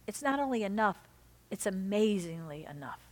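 A woman pastor preaching a sermon, swinging between loud exhortation and soft, intimate lines. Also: mid-range voice, animated, moderate pace.

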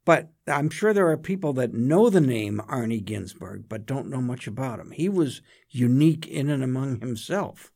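A man's voice: medium pitch, lively intonation, moderate pace, creaky, hardly any pauses, darkish tone. A male talk show host in a mid range voice leads the interview. He nudges the guest along with brief agreements and questions full of admiration.

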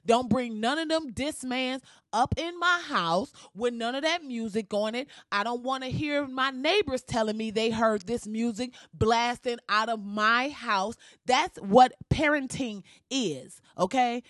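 Woman, casual reaction rant, blunt, profane, sassy, fairly high voice, dry close sound. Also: a little slow, hardly any pauses, no echo. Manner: animated, with sudden jumps in pitch. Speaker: commentator.

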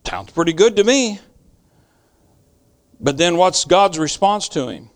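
A man with a high voice preaching from the pulpit. He talks earnestly and with emphasis, dropping to a hush and then rising again as he drives home his point. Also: sing-song, unhurried, long pauses. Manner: earnest, emphatic storytelling with sudden soft and loud swings. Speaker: pastor. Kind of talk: sermon.

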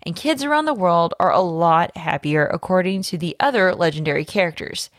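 A woman podcast host reading a fan theory aloud, with lively storytelling emphasis. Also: fairly low pitch, a little fast, no room sound, studio quality.

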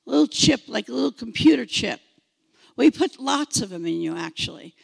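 A woman in her sixties preaching a sermon, animated, imitating beeping sounds and repeating phrases for emphasis. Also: fairly high pitch, a little fast, vocal fry, husky, in a large hall. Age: 60s.

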